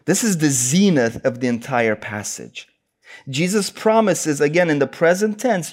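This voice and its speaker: A man's voice: fairly high pitch, animated, unhurried, a little mellow. A man preaching an expository sermon, citing scripture references in an earnest, emphatic cadence.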